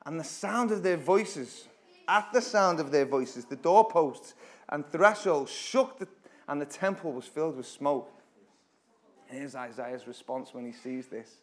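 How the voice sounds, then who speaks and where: A fairly high-voiced man leads a casual Bible teaching in a church. His talk is chatty and conversational, with sudden loud, emphatic bursts. When he reads scripture he slows down and gives it drama. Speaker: preacher.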